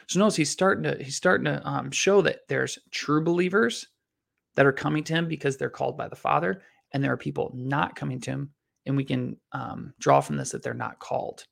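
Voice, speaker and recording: A man teaching a Bible study, earnestly explaining a passage and reading scripture aloud slowly, with frequent shifts in pace. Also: fairly high pitch, gravelly, a bit bright.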